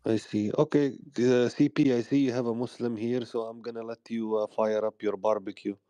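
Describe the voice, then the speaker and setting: A man calling into a live show, asking quiet, hesitant questions. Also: mid-range voice, steady tone, normal speed, dry recording. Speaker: caller. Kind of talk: phoned-in conversation.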